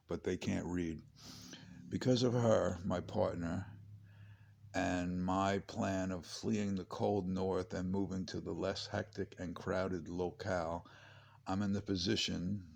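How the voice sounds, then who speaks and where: A man's voice: low voice, creaky. A man in his late fifties reading his own memoir aloud, chatty and digressive with wry asides. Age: 50s. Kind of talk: rambling memoir narration. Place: home.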